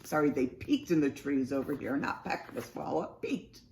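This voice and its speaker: A woman teacher reading a picture book aloud to children and explaining the story in an expressive, patient way. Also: sits low, normal speed, vocal fry, a little hiss or hum.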